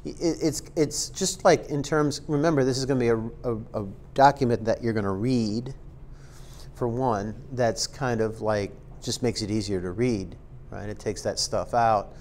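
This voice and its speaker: A man's voice: medium pitch, steady tone, normal speed, a little mellow, a little hiss or hum. Guy explaining stuff in a loose tutorial, tons of ums and likes, kinda jokey and self-aware. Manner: rambling and filler-heavy, many ums and likes. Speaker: instructor. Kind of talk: casual screen-recorded tutorial talk.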